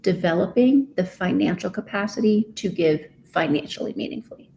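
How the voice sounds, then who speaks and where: A woman's voice: medium pitch, lively intonation, a little fast, creaky, dark tone. A woman, a business coach, speaking as a podcast guest in an emphatic way, often asking "right?". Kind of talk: podcast interview.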